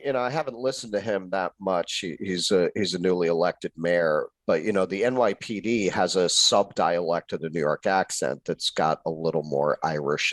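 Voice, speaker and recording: Deep-voiced musing podcast co-host. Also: male voice, dry recording, low-quality recording. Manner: measured, musing, repeats his openers. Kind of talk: casual political podcast chat.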